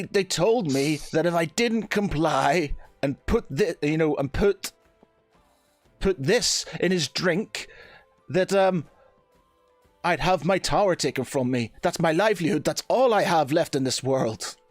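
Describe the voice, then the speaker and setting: Scared stammery wizard guy, pitched way up, halting as a man puts him on. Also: animated, no echo, faint music behind. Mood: frightened. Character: frightened older male wizard.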